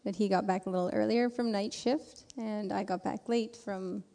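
Woman telling lively stories in a hall. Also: medium pitch, moderate pace, gravelly. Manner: lively storyteller acting out quotes. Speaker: mission trip member. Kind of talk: speaking to a church congregation.

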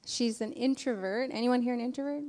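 Woman telling lively stories in a hall. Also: a little high, fairly quick. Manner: lively storyteller acting out quotes. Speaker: mission trip member. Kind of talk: speaking to a church congregation.

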